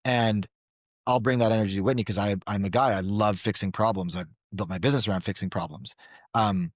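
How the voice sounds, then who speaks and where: A man's voice: fairly low pitch, fairly even intonation, a little fast, dry recording, studio quality. A man who coaches men, talking frankly as a podcast guest, telling stories with lots of restarts. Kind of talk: casual podcast conversation.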